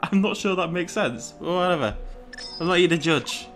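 A man's voice: high voice, normal speed, a bit bright, faint music behind. A man hosting a let's-play video, chatty and playful as he comments on the game and reads its dialogue aloud. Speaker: gaming channel host.

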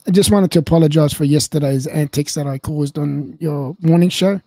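A man on a livestream panel chatting casually, excitable and teasing, who repeats himself. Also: a little high, a little fast, no room sound.

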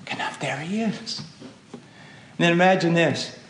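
Man preaching, impassioned, pleading peaks, slightly high voice, echoey church hall, faint background hum. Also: measured pace. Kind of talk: sermon.

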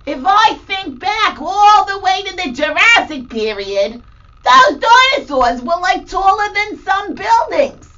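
A woman playing a cheerful, playful grandmother who hosts a feelings segment on a children's show, talking in a bubbly, animated way. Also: extremely high pitch, slow, heavily acted. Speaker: segment host. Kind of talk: children's educational show acting. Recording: distant, dull lo-fi sound.

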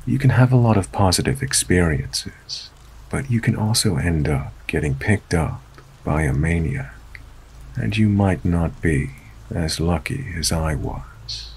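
A man narrating a true scary story in a steady, measured storytelling voice. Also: sits low, slight background noise. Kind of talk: scripted narration.

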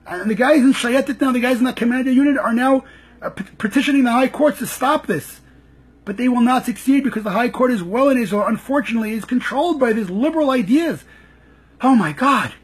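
Husky, high-pitched man in frustrated commentary. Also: a little fast. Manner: frustrated, rhetorical, repeating himself. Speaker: political commentator. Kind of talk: impassioned live commentary.

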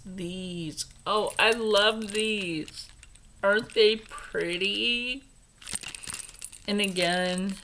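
A woman's voice: mid-range voice, a bit bright, a little hiss or hum, low-quality recording. A middle-aged woman vlogger chatting casually as she unboxes jewelry, gushing over each piece and sometimes dropping to a whisper, stuffy from allergies. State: congested from allergies.

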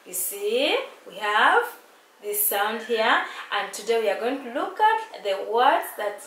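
Woman teacher, high and lively voice, slow sing-song phonics drills, echoey room, a little off the mic. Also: recorded from a distance, slight background noise. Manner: sing-song, drawn-out letter sounds, coaxing questions. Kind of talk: phonics lesson for young children.

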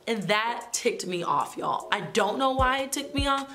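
A young woman vlogger telling a story in casual storytime style, sassy and animated, talking straight to her viewers. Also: a little high, measured pace, music in the background.

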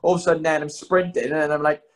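Fast-talking young man. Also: fairly high pitch, little pitch movement. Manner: rambling storyteller, swears, self-mocking. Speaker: guest, fighter. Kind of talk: casual podcast chat.

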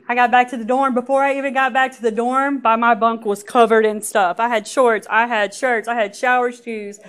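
A woman giving a lively personal testimony at church, often laughing and acting out what people said. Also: a little high, moderate pace.

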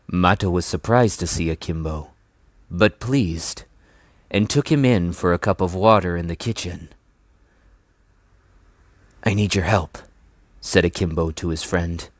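A man reading a children's novel aloud in a measured, even way. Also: deep voice, dry recording. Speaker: storybook reader.

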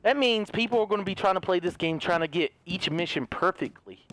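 A hoarse man giving excitable, casual let's-play commentary, cursing freely and chatting to his horse. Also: high voice, fairly quick. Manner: excitable, swears often, talks to his horse. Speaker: gaming video host.

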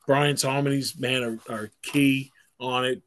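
A man's voice: mid-range voice, fairly even intonation, unhurried, fairly bright tone. Man, podcast guest, medium voice, laid-back, rambling casual chat, lots of "man" and "you know.".

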